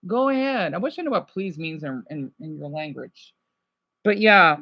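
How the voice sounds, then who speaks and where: A man's voice: high voice, sing-song, moderate pace, bright, forceful tone, dry recording. Rambling man chatting live with viewers. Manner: rambling, self-correcting, drops in French phrases. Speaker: livestreamer answering viewers. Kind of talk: casual live-stream chat.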